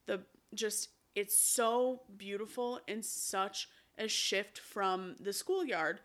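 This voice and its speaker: A woman co-hosting a podcast, chatting casually as she recaps a film, telling it in an animated way and swearing freely. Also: medium pitch, slow. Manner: animated storyteller, acts out characters' lines. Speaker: podcast co-host.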